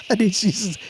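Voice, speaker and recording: A man's voice: high-pitched, a little hiss or hum. Joking Texan man with a raised voice. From Texas. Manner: joking, laughs often, storytelling. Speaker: host. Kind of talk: casual chat.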